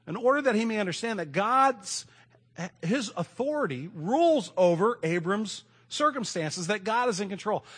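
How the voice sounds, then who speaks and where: A middle-aged pastor preaches a sermon conversationally, swinging between loud emphasis and hushed asides. His voice is high with a breathy edge.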